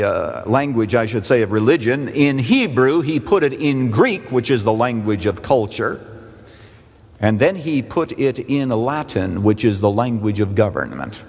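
Emphatic male pastor preaching in a hall. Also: mid-range voice. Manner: emphatic preaching with rhetorical questions. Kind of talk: sermon. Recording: long hall reverb.

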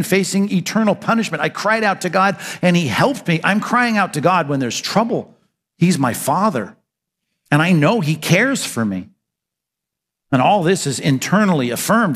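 A man's voice: fairly high pitch, fairly bright tone, long reverb tail. A man preaching a sermon as a pastor, in a conversational way, asking questions and answering them himself.

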